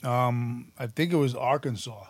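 A man, telling stories about his past in an animated, profane, casual interview. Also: medium pitch, measured pace, dry recording. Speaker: podcast guest, musician and actor.

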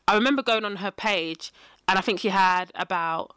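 A woman co-hosting a casual chat podcast, telling a story with animated emphasis, swearing and repeating herself. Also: mid-range voice, moderate pace, clean tone, dry recording. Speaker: podcast co-host.

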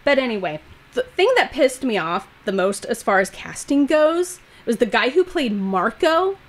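Woman co-host, casual chat, slightly high voice, blunt and crude, mocking tone. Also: big pitch swings, moderate pace. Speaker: podcast co-host.

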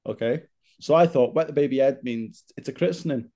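A young man, a fitness coach co-hosting a casual chat, swearing freely as he tells an animated story. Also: mid-range voice, fairly quick. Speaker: fitness coach, podcast co-host.

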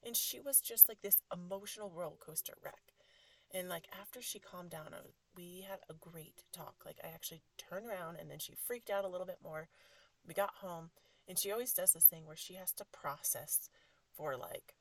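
Chatty low-voiced woman telling a story. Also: moderate pace. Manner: rambling, heavy use of "like", animated retelling. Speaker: podcast host and energy healer. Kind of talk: casual storytelling monologue.

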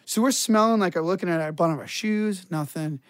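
A man's voice: high voice, quick pace, dry recording, studio quality. A man in casual chat, telling a crude story with lots of swearing and laughter breaking into his lines.

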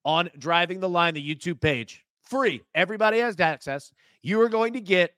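Male sports-betting co-host; a bit high-pitched, easygoing chatter on a dry studio mic. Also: pushed and bright, no echo. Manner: laid-back, conversational, pitchman. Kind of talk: casual sports betting chat.

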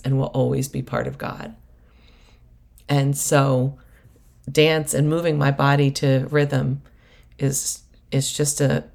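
Low-pitched and creaky, a middle-aged prosperity coach and host tells stories in a rambling, casual monologue. She digresses often, laughing and tossing in asides.

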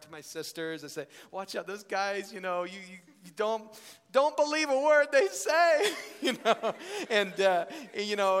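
A man, a worship leader, telling a personal story with animated, laughing delivery and acting out family members. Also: high-pitched. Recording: reverberant hall.

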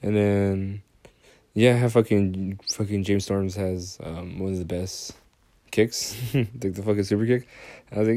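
Young man, deep, dark tone, rambling, profane, laughing recap. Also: steady tone, slow pace, long pauses, no echo. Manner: rambling, heavy swearing, frequent laughs. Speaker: podcast host. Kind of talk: casual wrestling recap.

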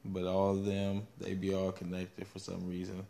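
Male podcast host, playful and teasing, gravelly voice. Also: sits low, monotone, normal speed, warm tone, slight background noise. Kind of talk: casual podcast chat.

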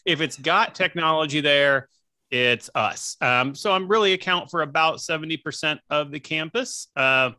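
A man's voice: on the high side, normal speed, bright, forceful tone, no echo, studio quality. An American man as an interview guest on a video call, easygoing with self-mocking humor. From United States. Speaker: guest, university AV director. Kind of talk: casual interview chat.

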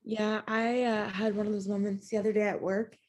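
A woman in her twenties co-hosting a podcast, telling stories in a chatty, animated way with lots of "like". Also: medium pitch, brisk. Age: 20s. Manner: chatty, animated storytelling with frequent "like". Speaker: podcast co-host. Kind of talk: casual chat.

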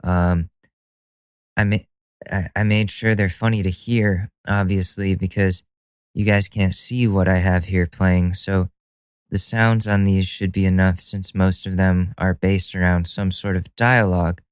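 A man hosts a solo podcast in a casual, profane, sardonic monologue. His voice sits a little low and has a smooth, clear tone. It is recorded close with no room sound. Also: level tone, a little slow, no echo. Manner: profane, sardonic, laughs at own jokes. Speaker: podcast host.

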